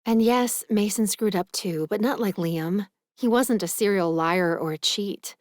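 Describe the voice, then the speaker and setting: A woman narrating a romance audiobook in the first person, earnest and gentle. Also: medium pitch, unhurried, no echo, clean studio sound.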